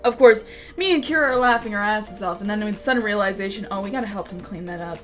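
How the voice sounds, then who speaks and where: A woman's voice: mid-range voice, fast, soft background music. A young adult woman vlogger telling a rambling, laugh-filled story in casual talk, swearing freely.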